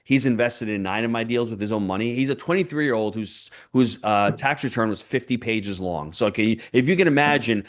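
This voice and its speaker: A middle-aged man, a real estate investor appearing as a podcast guest, telling stories in an animated, emphatic way with punchy phrasing. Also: medium pitch. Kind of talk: podcast interview.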